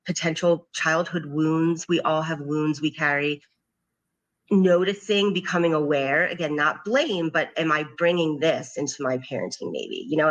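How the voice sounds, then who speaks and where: A middle-aged woman appears as a guest on a podcast, drawing on her role as a parent coach and occupational therapist. Earnest and reflective, she often recounts what she says to her kids, in a low, slightly bright voice.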